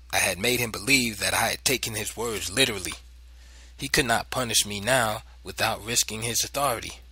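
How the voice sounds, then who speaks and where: Husky low male audiobook narrator. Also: pushed and bright. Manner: measured, literary storytelling. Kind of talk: scripted narration.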